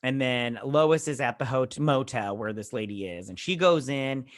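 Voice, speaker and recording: A man hosting a casual review show, recapping an episode in a rambling, slangy way and slipping into quick acted quotes. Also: medium pitch.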